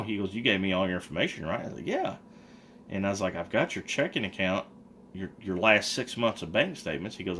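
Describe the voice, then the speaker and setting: A man with a somewhat low voice tells a personal story in a relaxed, casual way. He gets animated and acts out what other people said. A faint hum of room noise sits behind him. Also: a little fast. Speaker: vlogger.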